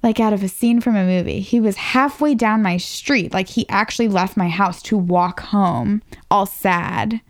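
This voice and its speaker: Her mid-range voice moves unhurriedly with few pauses. She's an interview guest in her twenties from Northern Virginia, USA, chatting casually about her past in a self-deprecating way and dropping "like" frequently.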